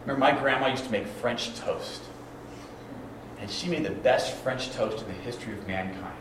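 A man preaching a sermon as a pastor, telling stories in an animated way and acting out the dialogue with stammered restarts. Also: mid-range voice, normal speed. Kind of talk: storytelling sermon. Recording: very echoey room, distant mic, background noise.

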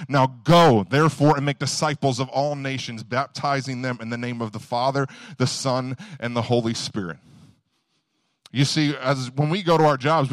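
A man's voice: medium pitch, no room sound, clean studio sound. A young man, preaching a casual, conversational sermon, telling stories and pushing hard on key points. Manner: conversational, storytelling, quick bursts of emphasis.

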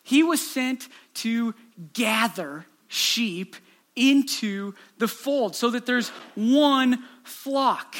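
A man's voice: extremely high pitch, drawn-out words, fairly bright tone. A pastor preaching a sermon to his congregation, telling stories earnestly and asking rhetorical questions.

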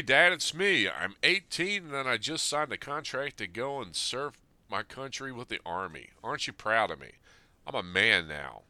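Low, forceful man in his fifties, earnest. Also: clean tone, no echo. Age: 50s. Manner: earnest, plain-spoken, speaking straight to his late father. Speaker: Army veteran sharing a personal letter. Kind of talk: reading a personal letter aloud, then reflecting.

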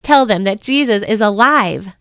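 A woman's voice: medium pitch, lively intonation, moderate pace, fairly bright tone, dry recording, clean studio sound. Woman voicing a joyful laughing angel. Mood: urging. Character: radiant joyful male angel, kind and laughing.

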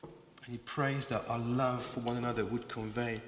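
A man's voice: mid-range voice, flat delivery, normal speed. A man preaching a sermon to his church, passionate and emphatic, stacking phrase after phrase. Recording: echoey hall with long reverb.

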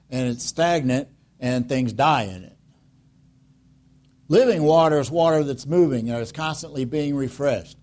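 A man preaching a sermon in a lively, conversational way, full of rhetorical questions and quiet, pointed emphasis. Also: mid-range voice. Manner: conversational, acts out voices of listeners and Jesus. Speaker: pastor.

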